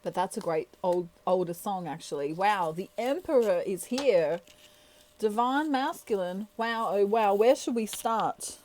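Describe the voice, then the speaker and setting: A woman's voice: mid-range voice, lively intonation, a little slow, darkish tone, slight background noise. A woman chatting playfully through a tarot reading, laughing often as she talks. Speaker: tarot reader. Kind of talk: casual tarot reading monologue.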